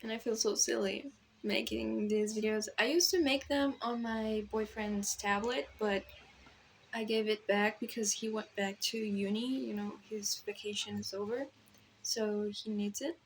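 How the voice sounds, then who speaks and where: A woman's voice: medium pitch, fairly even intonation, unhurried, a little hiss or hum. A young Brazilian woman, a native Portuguese speaker, rambling in casual self-deprecating talk to her phone camera at home, with a Brazilian accent tinged by American influencer speech. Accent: Brazilian, with American influencer tones. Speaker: vlogger.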